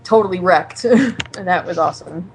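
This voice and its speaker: A woman on a casual fan podcast, talking her way slowly through her thoughts. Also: on the low side, slight background noise, rough recording. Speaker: podcast co-host.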